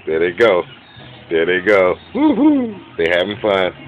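A man filming his dogs at home on a handheld camera, giving an excited, laughing, profane running commentary that turns quieter near the end. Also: moderate pace, lo-fi sound, heavy background noise. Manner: quieter and lower toward the end. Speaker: dog owner filming his pets. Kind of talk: casual home video commentary. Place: room in a home with a bed.

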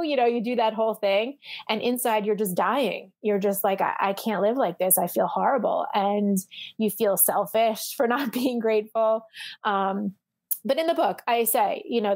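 A middle-aged woman talks candidly as a podcast guest, her voice sitting at an ordinary pitch. She is animated and acts out the people she quotes, with plenty of fillers and restarts. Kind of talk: candid conversational storytelling.

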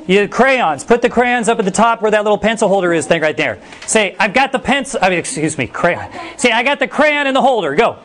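Energetic male teacher with a high voice. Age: middle-aged. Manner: energetic, brisk, playful commands. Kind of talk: classroom instruction. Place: classroom.

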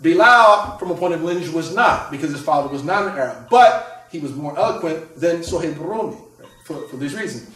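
A man's voice: a little high, animated, a little fast, fairly bright tone. Lecturing man in an echoey room. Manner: explanatory, frequent rhetorical "right?" checks and restarts. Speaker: author and Islamic scholar. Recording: echoey room, mic at a distance.

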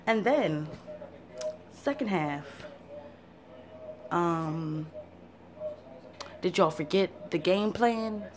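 A woman's voice: fairly low pitch, expressive, very slow, long pauses, background noise. A woman ranting about her football team in a fan vlog, blunt and profane. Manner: fired-up, cursing, blunt. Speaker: sports fan vlogger. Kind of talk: profane football rant to camera.

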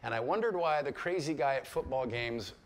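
A man in his fifties, a pastor, gives an informal Bible lecture to a group, his medium-pitched voice animated and brisk. He keeps it conversational, telling stories and dropping in asides with the occasional chuckle.

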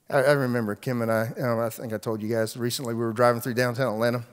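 A middle-aged male pastor delivers a storytelling sermon, rising to loud, emphatic lines and then dropping to near-hushed asides. His voice sits at an ordinary male pitch. It carries the long reverb of a big church hall. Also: flat delivery, fast, few pauses, smooth.

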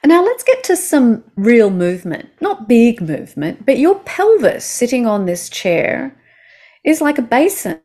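A woman with an Australian accent guiding a slow body-awareness lesson, speaking soothingly and asking the listener gentle questions. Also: on the high side, big pitch swings. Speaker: movement instructor.

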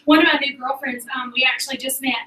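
A woman's voice: sits high, fast talker. A woman gives a chatty motivational talk to a group as a sales director, often calling them "y'all". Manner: chatty, animated, addresses the audience as "y'all". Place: meeting room with an audience. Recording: roomy sound from a distance.

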